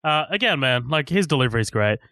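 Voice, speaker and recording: A man's voice: medium pitch, sing-song, brisk, bright, forceful tone, no room sound. A man co-hosting a podcast, chatting casually about a movie he loved as a kid, swearing often and laughing a lot. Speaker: podcast co-host. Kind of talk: casual movie commentary chat.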